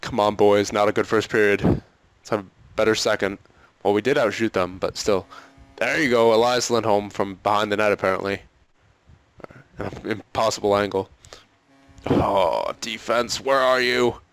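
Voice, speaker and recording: A man's voice: fairly low pitch, steady tone, moderate pace, smooth, dry recording. A man doing let's-play commentary on a hockey video game, exasperated and pleading with his team, often laughing and sighing. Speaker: gaming commentator.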